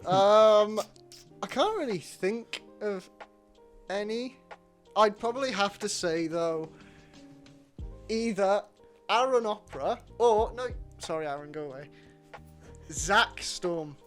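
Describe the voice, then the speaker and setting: High-voiced man in casual chat. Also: lively intonation, slow pace, long pauses, faint music behind. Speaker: podcast co-host.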